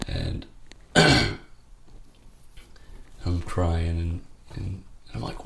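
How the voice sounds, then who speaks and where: A man's voice: deep voice, sing-song, extremely slow, creaky, long pauses, fairly bright tone. A man speaking as an interview guest, telling a candid personal story in a rambling, heartfelt way full of fillers.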